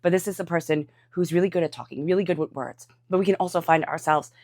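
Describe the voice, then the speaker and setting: A woman with a congested, stuffy voice, giving a calm tarot reading. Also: lowish voice, fast, dry recording, studio quality. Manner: calm, soothing guidance. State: congested from a cold. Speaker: tarot reader.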